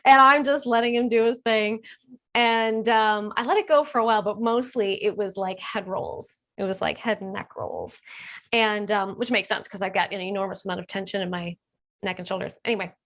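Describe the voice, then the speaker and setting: Chatty woman telling a personal story. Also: moderate pace. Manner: chatty, laughs often, many fillers and restarts; animated, gets excited and high when reliving moments. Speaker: holistic healer. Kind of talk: casual personal storytelling to camera.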